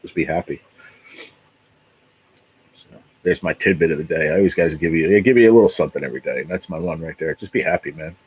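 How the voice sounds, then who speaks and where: Late 40s guy chatting on his livestream, deep husky voice, swears a lot, says things twice. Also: quick pace, pauses often, poor audio. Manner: blunt, heavy swearing, repeats himself. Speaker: livestream host. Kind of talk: casual livestream chat.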